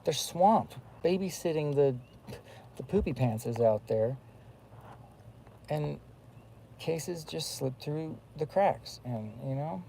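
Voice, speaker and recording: Rambling gravelly-voiced man. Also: fairly high pitch, expressive, slow, pauses often, dark tone, a little hiss or hum, poor audio. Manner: rambling, many fillers and restarts. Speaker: vlogger. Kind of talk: rambling casual monologue.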